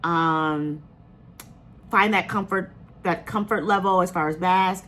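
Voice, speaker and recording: A woman's voice: lowish voice, slow pace, fairly bright tone. Earnest, emotional woman vlogging. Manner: earnest, emotional, rambling with many fillers. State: emotional, near tears. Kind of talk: casual vlog talk to viewers.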